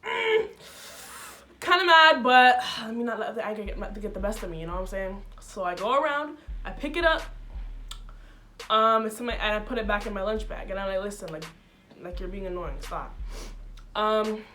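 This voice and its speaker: A young woman vlogger telling a school story in a casual, animated way, laughing often and using slang. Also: medium pitch, slight background noise.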